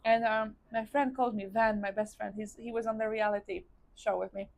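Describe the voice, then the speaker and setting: Speaking fairly quickly in a mid-range, creaky, somewhat dark voice with a steady tone, this Polish-accented woman vlogs from indoors while eating on camera. She's from Poland and shares her story in a chatty manner, often saying "like" and addressing everyone as "guys."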